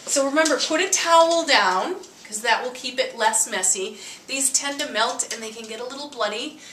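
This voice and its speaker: A woman's voice: high voice, moderate pace, pushed and bright, a little hiss or hum. A woman dog trainer giving a chatty, upbeat home demonstration in her kitchen. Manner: chatty and upbeat, with frequent asides. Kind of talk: casual instructional demonstration. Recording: echoey room, distant mic.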